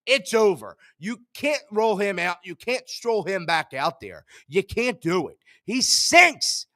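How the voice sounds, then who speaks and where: A young man hosting a sports show, ranting in frustration, jumping between loud outbursts and low mutters. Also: very animated, slow pace.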